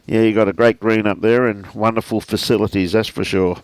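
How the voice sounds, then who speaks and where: A man's voice: fairly low pitch, brisk, clear, resonant tone, no room sound. Older Australian man commentating lawn bowls. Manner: relaxed, chatty, greets viewers by name. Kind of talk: live sports commentary. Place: outdoor bowls club.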